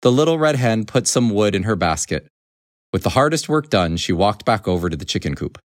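A man reading a children's storybook aloud in an expressive, animated way. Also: lowish voice, brisk, dry recording, studio quality.

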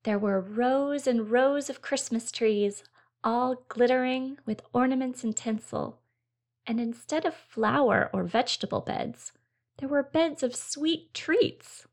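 Gravelly higher-pitched woman reading a story. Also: slow pace. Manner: gentle, clear storytelling. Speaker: narrator.

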